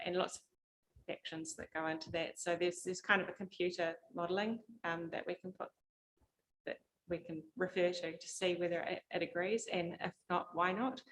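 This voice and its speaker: Council staff woman, lowish voice, lots of um and like, faint hiss behind. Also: fairly bright tone, poor audio. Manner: loose, filler-heavy explaining. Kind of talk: explaining at a council hearing.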